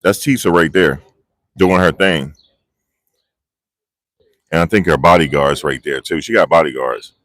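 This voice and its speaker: A man vlogging live outdoors, talking in a rambling, excitable way and losing his train of thought. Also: rumbling low, measured pace, pauses often, no echo, studio quality. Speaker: vlogger reporting on a trial. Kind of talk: live casual street commentary. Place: outdoors outside a courthouse. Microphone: phone on a handheld gimbal.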